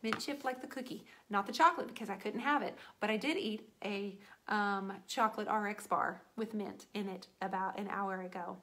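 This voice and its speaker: A middle-aged woman chatting casually to her viewers while painting furniture, animated and playful, with teasing asides to viewers by name. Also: medium pitch, moderate pace, hardly any pauses.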